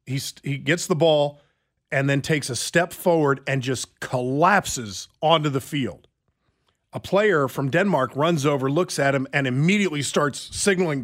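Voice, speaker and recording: A middle-aged man co-hosting a talk show, telling a story with stammered restarts and lively bursts. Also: on the high side, moderate pace. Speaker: radio show co-host. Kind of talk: casual chat.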